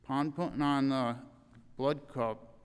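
An older man giving a eulogy in a church, reading in an earnest, halting way with restarts. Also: medium pitch, fairly even intonation, clear, resonant tone, long reverb tail.

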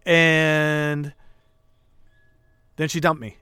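A man's voice: on the high side, monotone, drawn-out words, bright, forceful tone, smooth, no echo. Podcast guest, male, 30s: candid, emotional storyteller, clean voice, dry studio mic. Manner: earnest, emotional, acts out quoted dialogue.

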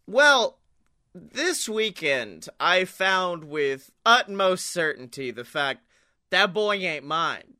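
Young male comedy podcast co-host. High, dry, close sound; lively, profane storyteller. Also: slow pace, no echo. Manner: animated storyteller, swears freely, acts out quotes. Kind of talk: casual comedic chat.

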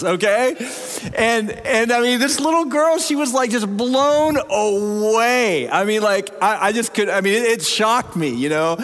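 A middle-aged man preaching a sermon as pastor, telling stories in an animated, humorous way. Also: high voice, measured pace. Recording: long reverb of a large hall.

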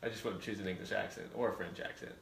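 A man's voice: low voice, steady tone, fast, vocal fry, a bit bright, reverberant. A middle-aged man co-hosting a couples quiz game, joking and boastful, reading out the questions. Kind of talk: casual chat.

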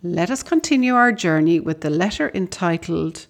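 A woman's voice: lowish voice, animated, moderate pace, creaky. A woman with an Irish accent, a podcast host, reading out a prepared letter with conversational storytelling asides. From Ireland.

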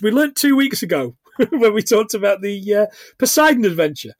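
A man in his forties with a high, highly animated voice, co-hosting a film podcast. He recaps scenes in a casual, jokey way and laughs often. The sound is dry and close. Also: a little fast, no room sound. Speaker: podcast co-host.

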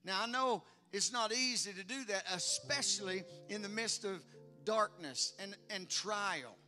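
A male pastor preaching a sermon, swinging between loud emphatic lines and hushed ones, with conversational asides to the congregation. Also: high voice, a little slow, faint music behind.

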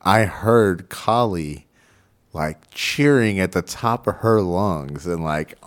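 A man's voice: low-pitched, expressive, slow pace. A man hosting a radio show, chatting casually with lots of fillers and laughs. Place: radio studio.

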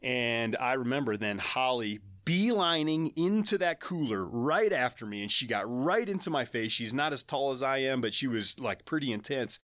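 A man's voice: mid-range voice, lively intonation, normal speed, hardly any pauses, fairly bright tone, no echo, studio quality. A man in his forties on a podcast, telling a personal story candidly and conversationally, with a laugh now and then.

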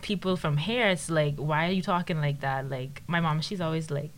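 A woman's voice: deep voice, normal speed. A young woman from the Bahamas, chatting casually and easily as a student. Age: young adult. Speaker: student panelist. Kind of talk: casual chat.

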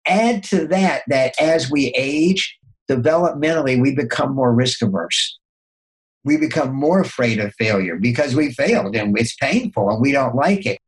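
Animated older man telling a story. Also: moderate pace, poor audio. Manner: animated, acts out inner dialogue with jumps in pitch; restarts and repeats words often. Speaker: podcast guest, consultant. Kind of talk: motivational storytelling.

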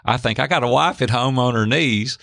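A middle-aged man telling a candid, animated personal story as a guest in a faith-based talk. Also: medium pitch, fairly quick, vocal fry, no echo, studio quality. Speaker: podcast guest.

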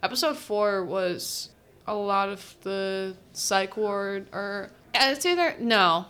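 Student podcast host, young woman, casual and giggly, average pitch. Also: lively intonation, slow, fairly bright tone, clear, resonant tone. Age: teens. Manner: chatty, laughs often, quotes characters in little voices. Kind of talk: casual solo recap chat.

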